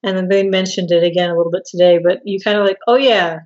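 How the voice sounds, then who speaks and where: A woman's voice: lowish voice, fairly even intonation, quick pace, a little mellow, lo-fi sound. Chatty woman co-hosting a podcast. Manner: chatty, laughing, acts out quotes. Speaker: podcast co-host. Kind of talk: casual chat.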